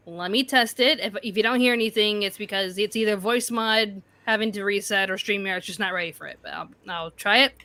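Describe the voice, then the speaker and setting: A woman co-hosting a live podcast, talking through tech settings in a relaxed, chatty way. Her voice sits mid-range and is recorded close and dry, with no room sound. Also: mid-range voice, fairly quick, hardly any pauses, no echo. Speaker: podcast co-host. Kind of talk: casual live-stream chat.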